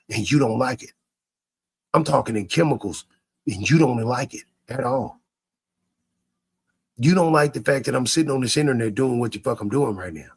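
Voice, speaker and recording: Male streamer, husky and rough-edged; rants at chat, cursing, repeating himself. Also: medium pitch. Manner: repetitive, stammering restarts, profane. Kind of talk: ranting live stream to chat.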